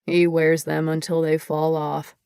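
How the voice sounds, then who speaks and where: A gruff, smoky-voiced older biker, put on by a woman reading an audiobook, slow and laconic in the way he talks. His voice sits lower than her usual one and sounds dry and close. He is kindly under the rough edge. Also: completely flat delivery, darkish tone, no echo. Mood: quiet. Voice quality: gruff, smoker's voice. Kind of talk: audiobook character voice.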